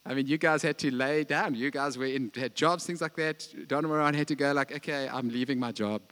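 A man preaching a sermon as pastor in a church, animated and acting out little voices of God and believers, often tagging lines with "eh?". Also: mid-range voice, brisk. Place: church hall.

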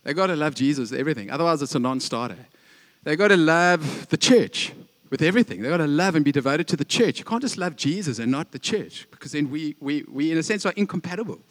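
Middle-aged male pastor, slightly high voice, loose chatty sermon full of ums and jokes. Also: animated, brisk. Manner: conversational, joking, with many fillers and restarts.

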